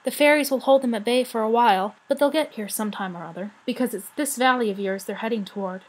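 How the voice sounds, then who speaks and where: Woman doing a shrill, bossy female rat. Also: fast talker, natural voice, low-quality recording. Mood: urgent. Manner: shrill, scolding. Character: sharp-tongued female rat, bossy messenger.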